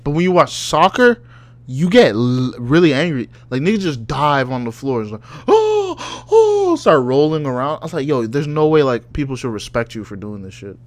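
A man's voice: mid-range voice, expressive, brisk, no room sound. A man co-hosting a casual podcast chat, loose and profane, joking and reacting with disbelief. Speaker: podcast co-host.

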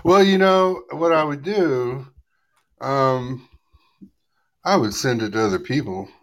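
A man's voice: medium pitch, slow. Rambling, hesitant talk show co-host man. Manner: rambling and hesitant, repeats himself, laughs. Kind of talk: casual talk show chat.

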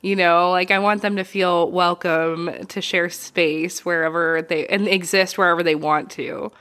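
A woman's voice: on the low side, fairly even intonation, measured pace, a bit bright. A woman in her thirties co-hosting a casual podcast, sick and nasal, chatty and swearing, laughing often. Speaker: podcast co-host. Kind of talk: casual chat.

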